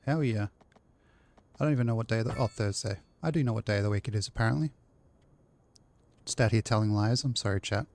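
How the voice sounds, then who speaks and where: A man's voice: on the low side, fast, gravelly, long pauses, a little mellow. A man live-streaming a city-building game, chatting casually and rambling to his chat while he plays.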